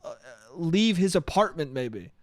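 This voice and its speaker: A young man rants alone on his comedy podcast in a highish, sing-song, unhurried voice with no room sound. He rambles and cusses, dropping "dude" constantly.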